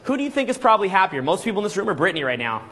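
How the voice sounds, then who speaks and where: A man giving a live seminar lecture to a room of people, energetic and full of rhetorical questions and "okay?" checks, acting out scenes as he tells them. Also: high voice, rapid-fire, a crowd in the background. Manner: acts out scenes with vivid storytelling. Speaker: seminar speaker.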